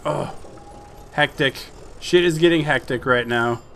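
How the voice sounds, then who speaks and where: A young man giving casual, profane, joking commentary over his video game play, flipping between excited shouts and laid-back chatter. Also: fairly high pitch, measured pace, slight background noise. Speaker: gameplay commentator.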